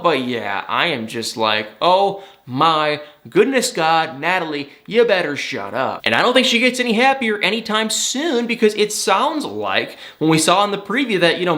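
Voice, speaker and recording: A man's voice: a little high, fairly bright tone. A young man recapping reality TV in an exasperated, sarcastic rant, acting out what people said in mock voices. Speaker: celebrity gossip vlogger.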